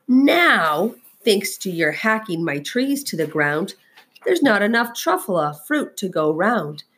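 A woman reading aloud puts on a small, cranky male creature from a storybook. He scolds and complains in a raised, slightly husky voice, slow and reproachful. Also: mid-range voice, very animated, a bit bright, exaggerated voice. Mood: complaining.

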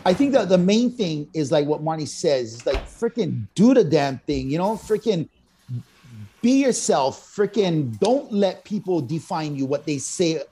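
A man's voice: on the high side, sing-song, measured pace, warm tone, slightly rough. A man from Hawaii, a DJ and children's author, talking plainly and earnestly about believing in yourself in a casual podcast chat. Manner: earnest, plain-spoken, motivational.

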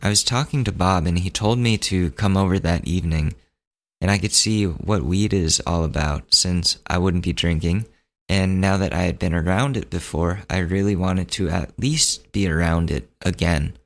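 A man's voice: deep voice, normal speed. A man hosting a podcast, telling a personal story in a laid-back, joking, chatty way. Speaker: podcast host. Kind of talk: casual storytelling monologue.

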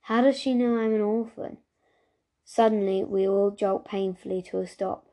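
Female audiobook reader, mellow and warm, steady and even. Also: medium pitch, normal speed. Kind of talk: reading a novel aloud.

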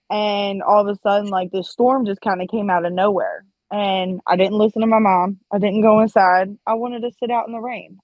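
A woman's voice: mid-range voice, no echo, dull audio. A young woman guest on a casual podcast, talking candidly with lots of "like" and casual swearing.

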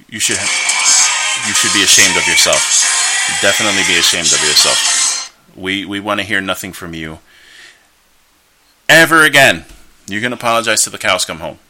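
Man, podcast host, very low voice, bright forceful tone, rambling, opinionated, scornful. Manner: opinionated, rambling, with frequent fillers and restarts; scornful rants. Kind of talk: solo podcast commentary.

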